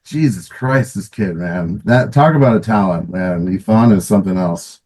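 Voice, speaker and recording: A middle-aged man with a somewhat low voice reminisces in a loose, rambling way. He restarts his sentences, fills gaps with ums and you-knows, and chuckles as he goes. It is a relaxed interview with a former player. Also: normal speed, poor audio. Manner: rambling, many restarts and fillers, laughs often. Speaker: guest, former pro roller hockey player. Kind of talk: casual interview storytelling.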